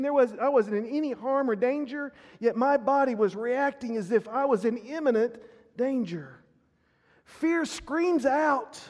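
A man's voice: very high voice, darkish tone. A man preaching a sermon as pastor, telling a personal story earnestly with many restarts. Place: church sanctuary. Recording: long reverb of a church hall.

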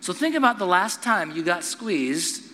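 Animated high-voiced man preaching. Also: moderate pace, in a large hall, a little hiss or hum. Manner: animated storytelling with acted-out voices. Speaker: pastor. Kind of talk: sermon.

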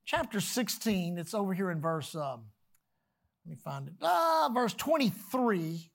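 Emphatic preacher swinging loud to hushed. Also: medium pitch, very animated, gravelly. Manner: reads scripture slowly and deliberately; calls on the congregation to repeat words. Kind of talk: sermon.

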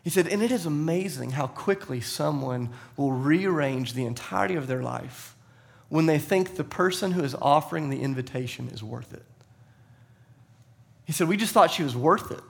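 A man's voice: fairly high pitch, moderate pace, gravelly. A pastor preaching a sermon, telling a story and acting out the people in it as he goes. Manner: storytelling with animated quoted voices.

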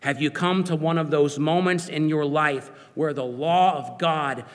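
Slow earnest preacher in a reverberant hall. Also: male voice, fairly high pitch, steady tone. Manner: earnest, searching questions to the listener. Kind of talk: sermon.

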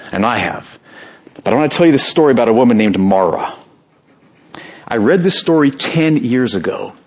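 Husky-voiced pastor preaching with earnest emphasis. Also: male voice. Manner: earnest, rising to emphatic peaks, then dropping soft and low for prayers. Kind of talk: sermon.

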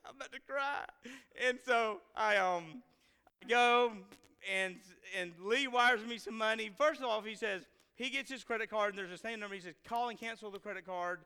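Man in his forties, high bright voice, smooth and clear, funny storytelling, long hall reverb. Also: normal speed. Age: 40s. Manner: animated, self-deprecating, acts out quotes. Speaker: speaker addressing a live audience. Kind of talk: humorous personal storytelling.

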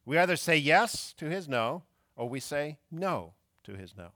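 A man's voice: on the high side, very animated, measured pace, pushed and bright, no echo, studio quality. A man preaching a sermon as pastor, emphatic and fond of rhetorical questions.

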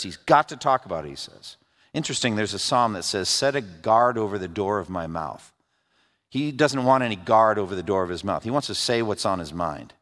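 A man's voice: lowish voice, fairly bright tone, big-room sound. A man preaching a sermon. He reads scripture aloud and voices its lament with rising passion.

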